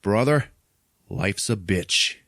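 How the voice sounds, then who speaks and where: A man's voice: on the low side, expressive, slow, bright, forceful tone, no room sound, clean studio sound, exaggerated voice. A man impersonating a tough drifter who speaks with blunt, drawling street wisdom. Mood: gruff.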